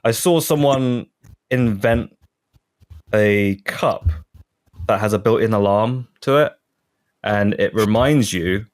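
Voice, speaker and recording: A man with a lowish voice co-hosting a relaxed podcast. He chats easily, laughs often and lets sentences trail off as he thinks aloud. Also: slow pace, pauses often. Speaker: podcast co-host. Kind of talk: casual chat.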